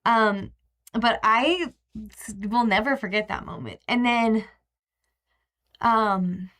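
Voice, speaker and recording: A woman's voice: fairly high pitch, slow pace, a bit bright. Chatty young woman on a live stream. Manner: chatty, rambling, emotional, many fillers. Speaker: streamer hosting a live recap. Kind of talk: casual live-stream chat.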